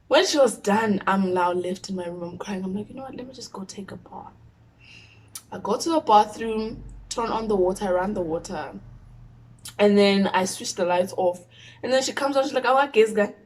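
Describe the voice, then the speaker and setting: A South African woman telling a personal story on her vlog, animated, dropping to a whisper when she quotes her own thoughts. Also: medium pitch, low-quality recording. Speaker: YouTuber.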